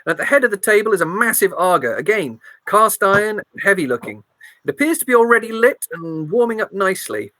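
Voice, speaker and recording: A woman's voice: mid-range voice, big pitch swings, fast, fairly bright tone, no echo. A woman running a tabletop game as game master, narrating scenes with playful description and small slips.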